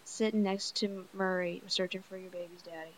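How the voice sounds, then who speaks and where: A woman's voice: on the low side, fairly even intonation, moderate pace, slight background noise, lightly acted, rough recording. A woman reading the lines of a nasty, hurtful teenage head cheerleader taunting a rival. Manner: spiteful taunting.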